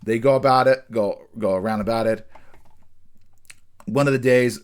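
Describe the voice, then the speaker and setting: A man's voice: mid-range voice, clear, resonant tone. A man casually reviewing an anime episode. He rambles, restarts his sentences often and jumps in and out of characters' lines. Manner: rambling, with frequent restarts and fillers; acts out characters' lines in quick bursts.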